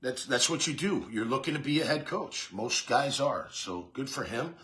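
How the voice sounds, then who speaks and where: A man's voice: mid-range voice, expressive, moderate pace, fairly bright tone. A man hosting a sports talk show, giving a casual, rambling monologue full of fillers and restarts. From Jacksonville area.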